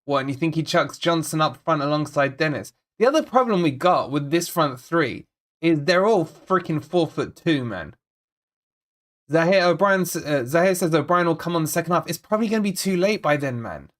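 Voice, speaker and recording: A man's voice: a little high, animated, normal speed. Frustrated rambling football fan man. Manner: frustrated, rambling, repeats himself, reads chat aloud. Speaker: fan channel host. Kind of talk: live football watch-along chat.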